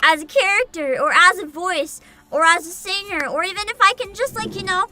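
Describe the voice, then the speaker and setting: A woman streamer chatting casually on a livestream, excitable and giggly, often humming and squealing. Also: very high voice, fairly quick. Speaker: streamer reacting to a game showcase. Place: home streaming setup.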